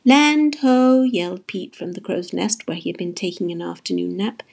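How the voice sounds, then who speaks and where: A woman voicing a bossy young male parrot captain in a children's storybook, shouting commands. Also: on the low side, steady tone, a little fast, creaky, slightly rough, full character voice.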